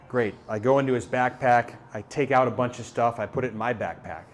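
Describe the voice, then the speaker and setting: A man telling a story live to an audience, animated and halting, with many repeated words and fillers. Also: medium pitch, slight background noise. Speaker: motivational speaker. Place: talk venue with a live audience.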